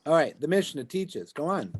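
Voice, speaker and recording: A man's voice: a little high, sing-song, normal speed, slightly rough. A man teaching a Talmud class as a rabbi, explaining the text and checking in with his students as he goes. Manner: explains as he goes, keeps asking "right?". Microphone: video call.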